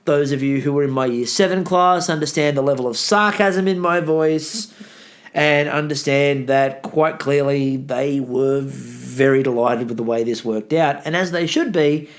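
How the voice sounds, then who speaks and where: A man chats loosely on a history podcast. His voice sits a little high, and he jokes with dry sarcasm. He often restarts his sentences as he talks. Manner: sarcastic, joking, rambling with restarts. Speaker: podcast co-host, history teacher. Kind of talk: casual history podcast chat.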